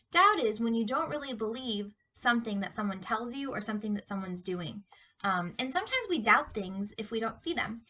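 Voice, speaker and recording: Bright-voiced woman teaching Sunday school. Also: fairly high pitch, far from the mic, highs cut off. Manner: animated, questioning, talks to kids directly. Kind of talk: reading a Bible story to children.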